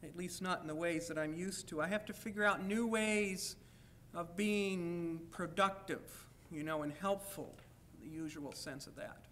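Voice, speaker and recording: A man's voice: high voice, measured pace, a bit bright, slight background noise. A man giving a university lecture, speaking candidly in the first person and at times reading aloud from his own writing.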